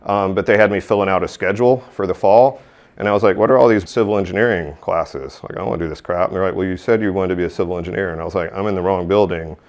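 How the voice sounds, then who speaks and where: Deep-voiced blunt man telling his story. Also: fast, a little mellow. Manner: blunt, irreverent, mildly profane. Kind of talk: casual storytelling monologue.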